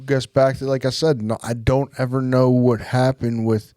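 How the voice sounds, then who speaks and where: A man's voice: mid-range voice, flat delivery, normal speed, dark tone, no echo, clean studio sound. A man co-hosting a podcast, telling a story in a rambling, crude way. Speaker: podcast co-host. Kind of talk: casual storytelling chat.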